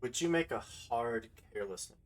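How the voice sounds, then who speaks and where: A man's voice: medium pitch, lively intonation, normal speed, recorded from a distance. A man running a tabletop horror game as game master, narrating and putting questions to the players in a hesitant way, with many fillers.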